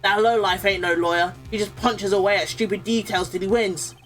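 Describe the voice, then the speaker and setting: A woman acting out a brash male loan shark with a Brooklyn-leaning accent that keeps drifting Australian. He talks in gruff, menacing street slang. Faint game music sits underneath. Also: medium pitch, steady tone, fairly quick, fairly bright tone, natural voice. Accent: Brooklyn attempt, sounds Australian. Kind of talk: reading game dialogue aloud.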